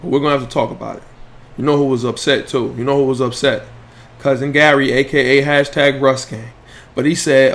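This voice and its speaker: A man's voice: medium pitch, fast. A man hosting a casual sports podcast livestream, talking trash in a loose, profane way and addressing viewers directly. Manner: animated, profane trash talk; banters with viewers and chats directly to them. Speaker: podcast host.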